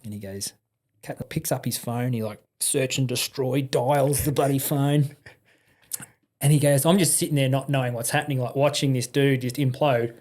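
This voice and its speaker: A man's voice: mid-range voice, moderate pace. Swearing Australian man telling war stories. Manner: swearing, animated anecdote-telling with laughs. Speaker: podcast guest, army and police veteran. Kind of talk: casual storytelling interview.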